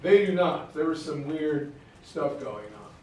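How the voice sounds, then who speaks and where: Higher-pitched male teacher, jokey lecture style, distant classroom audio. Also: unhurried, a little hiss or hum. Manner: jokey, animated storyteller. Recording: echoey classroom from far off.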